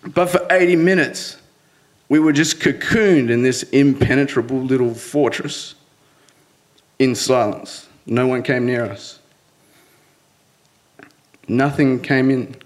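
A man's voice: medium pitch, slow pace, pauses often. A young man telling a personal story to an audience in an earnest way, often breaking into nervous laughs.

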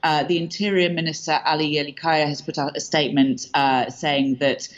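Female correspondent giving a measured report over a dull, lo-fi remote line. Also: low voice, steady tone. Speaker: foreign correspondent. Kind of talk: news report.

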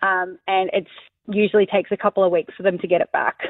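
A woman's voice: mid-range voice, fairly even intonation, fast talker, no room sound. A woman calling in to radio, telling an easygoing family anecdote. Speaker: caller. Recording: tinny phone line.

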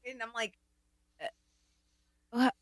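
A woman's voice: fairly high pitch, level tone, slow pace, dry recording, studio quality. A woman co-hosting a podcast, chatting casually and retelling scenes in exasperated disbelief. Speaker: podcast co-host. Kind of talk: casual chat.

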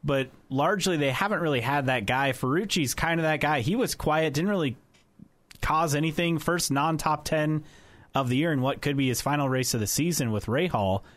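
A man co-hosting a podcast in casual chat, relaxed and chatty. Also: on the high side, moderate pace, no room sound. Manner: relaxed, chatty, laughs often. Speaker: podcast co-host.

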